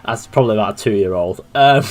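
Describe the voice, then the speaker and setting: A man, a podcast guest chatting casually and telling rambling anecdotes that drop into quiet asides. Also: on the low side, fairly quick.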